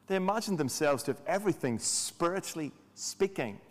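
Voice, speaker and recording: A man's voice: a little high, sing-song, moderate pace, hardly any pauses. A man preaching a sermon in a conversational way, with rhetorical questions and dry humor. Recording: long hall reverb.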